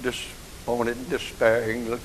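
An older man, preaching an emotional sermon that moves from soft, hushed passages to rising outcries. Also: mid-range voice, completely flat delivery, measured pace, a little hiss or hum, low-quality recording.

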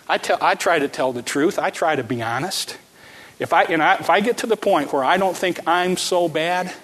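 A male preacher delivers a sermon, hammering his phrases again and again and swinging from hushed lines to shouts. His voice is bright and somewhat high. A long hall reverb trails after his words. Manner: repetitive, emphatic, swings from quiet to shouting.

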